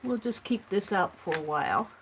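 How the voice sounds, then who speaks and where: A woman's voice: medium pitch, expressive, normal speed, slight background noise. A woman hosting a casual morning art livestream, chatting to herself and her viewers as she works at her craft table. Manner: chatty, talks to herself while working. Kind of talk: casual chat while crafting.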